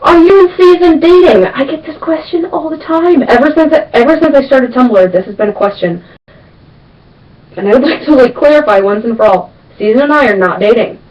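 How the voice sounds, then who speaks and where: A woman's voice: on the high side, expressive, a little fast, darkish tone. A young woman answering viewer questions in a casual vlog, chatty and emphatic, repeating words for stress. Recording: distant, dull lo-fi webcam sound.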